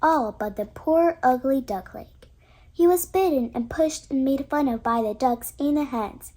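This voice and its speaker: A woman reads a children's storybook aloud for bedtime, with a gentle storyteller's manner. Her voice sits high and light. The pacing is even and unhurried.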